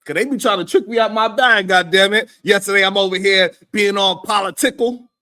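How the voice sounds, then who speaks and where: A man hosting a live stream, giving animated, profane reaction commentary and laughing often. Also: high voice, brisk.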